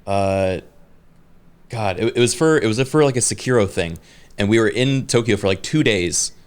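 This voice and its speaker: A man's voice: lowish voice, lively intonation, normal speed, clear, resonant tone. A man in his thirties co-hosting a podcast, telling a story casually with many fillers and restarts. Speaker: podcast co-host. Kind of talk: casual chat.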